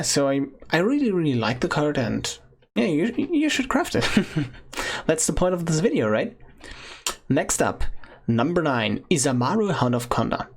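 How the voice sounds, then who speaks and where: A man casually talking through a card game crafting guide as a video creator, chatty and often ending points with a quick "right?". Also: mid-range voice.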